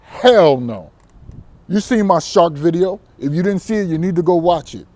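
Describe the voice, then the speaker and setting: A man's voice: high voice, expressive, normal speed, darkish tone, dry recording. A man vlogging a brash, defiant monologue to camera, boastful and profane, often breaking into laughter. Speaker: vlogger on dating abroad.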